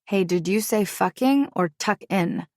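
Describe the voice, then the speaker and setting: A woman's voice: mid-range voice, animated, a little slow, no echo, clean studio sound, close to an everyday voice. A woman voicing a flirtatious, brash brunette at a party who talks in a crude, catty way.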